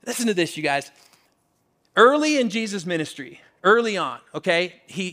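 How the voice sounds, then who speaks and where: High-voiced animated male pastor preaching. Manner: animated preaching with emphatic repetitions, slowing to a hush on key phrases. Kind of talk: sermon. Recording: church service.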